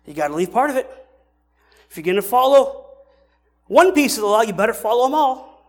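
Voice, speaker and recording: A man's voice: very high-pitched, big pitch swings, a little fast. A male pastor preaching a sermon in a conversational way, asking rhetorical questions and often restarting his sentences.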